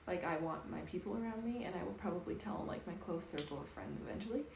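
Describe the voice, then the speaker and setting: A woman in her thirties talking softly and calmly to camera in a personal home vlog. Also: on the low side, fast, vocal fry. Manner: soft, calm, reflective. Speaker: vlogger. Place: bathroom at home, indoors. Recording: echoey room with faint background noise.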